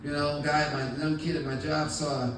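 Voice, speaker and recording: A man's voice: a little high, level tone, moderate pace, a bit bright, heavy reverb, recorded from a distance, slight background noise, poor audio. A male stand-up comedian telling stories in a rambling, chatty way on a club stage. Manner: rambling, chatty, many fillers. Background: audience laughter.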